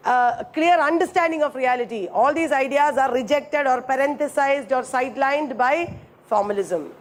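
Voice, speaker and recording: A woman teaches a class in a high, light voice. She repeats her key phrases slowly and stops to check that students follow. A faint hiss sits under the recording. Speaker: lecturer. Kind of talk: classroom lecture.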